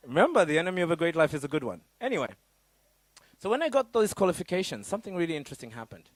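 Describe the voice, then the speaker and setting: A middle-aged man from Africa giving a motivational business workshop, swinging between loud high bursts and low quiet asides. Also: big pitch swings, rapid-fire, dry recording. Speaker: business coach.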